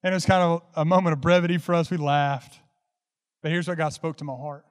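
A man's voice: on the high side, steady tone, fairly quick, clean tone, big-room sound. A man preaching a sermon, telling a folksy story that builds into fervent preaching. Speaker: pastor.

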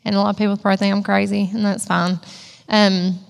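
Gravelly-voiced woman giving her church testimony, emotional, long hall echo. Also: medium pitch, little pitch movement, fast talker. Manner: emotional, storytelling. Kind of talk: personal testimony.

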